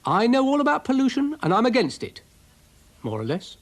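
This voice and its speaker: A man voicing a grumpy, self-important male dog in a cartoon, high and indignant. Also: wildly swooping pitch, brisk, exaggerated voice. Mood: huffy.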